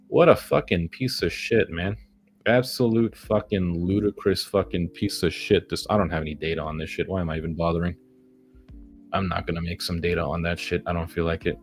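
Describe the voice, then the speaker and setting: A deep-voiced man narrates his own day trading live, cursing at every chart. He talks in a frustrated, profane rant full of sarcastic digs at himself. Soft music plays faintly behind him. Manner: profane, frustrated ranting at the market; sarcastic self-mockery. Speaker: day trader streaming his trades.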